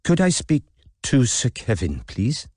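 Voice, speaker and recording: A man's voice: on the high side, very animated, unhurried, darkish tone, no echo, studio quality, voice pushed up. A man reading an audiobook, voicing a young woman who is faking a shaky Welsh accent on the phone with a grand, mellifluous tone. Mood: coaxing.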